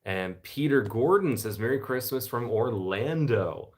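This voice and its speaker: A middle-aged American man with a baritone voice, hosting a relaxed live chat from his living room and reading out viewer comments. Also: unhurried. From United States. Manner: relaxed, chatty, enthusiastic asides. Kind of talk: casual live-stream chat. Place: home living room by the fireside.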